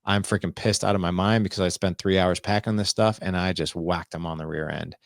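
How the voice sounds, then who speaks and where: A man's voice: deep voice, fairly even intonation, brisk, vocal fry, no room sound, clean studio sound. A man in his forties, a podcast guest, telling a personal story candidly and earnestly, often acting out what people said. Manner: earnest, confessional storytelling with quoted dialogue.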